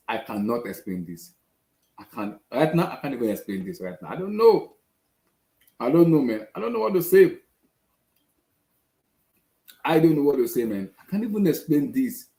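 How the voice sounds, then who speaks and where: Exasperated fan host, echoey room. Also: male voice, medium pitch, dark tone. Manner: exasperated, repeats himself. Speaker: football fan channel host. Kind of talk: casual fan rant.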